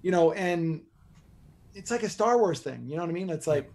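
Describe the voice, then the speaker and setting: A man as a podcast guest, explaining posture and exercise in an animated, joking coaching style. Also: fairly high pitch, moderate pace, gravelly. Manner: animated, joking, teaches by demonstration. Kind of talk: energetic coaching talk.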